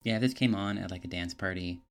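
A man's voice: deep voice, fast talker, gravelly, clean tone. A man in casual podcast chat, laid-back and telling stories with laughs.

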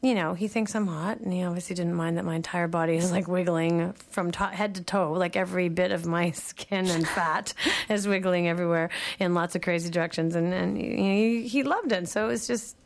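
A woman guest chatting candidly about intimacy, animated, breaking into high squeals when she quotes herself. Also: a little fast, vocal fry. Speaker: guest, sex educator. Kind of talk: candid casual chat.

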